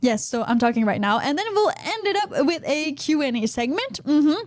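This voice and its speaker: High-voiced chatty woman podcast host. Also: very animated, fairly quick, dry recording. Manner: chatty, frequent "uh-huh" affirmations. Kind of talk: casual podcast chat. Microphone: studio podcast mic.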